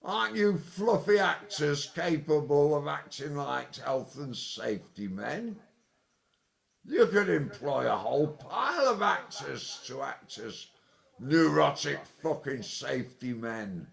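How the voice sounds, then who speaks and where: Gravelly man on a sweary rant. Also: a little high, very animated, slow. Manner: angry, sweary, rambling rant with sudden loud outbursts. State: tipsy. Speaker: vlogger. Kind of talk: ranting monologue.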